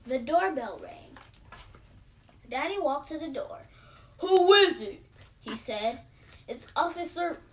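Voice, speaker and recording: A woman's voice: high-pitched, far from the mic, a little hiss or hum, poor audio. A woman reading her own children's story aloud in a playful, dramatic way.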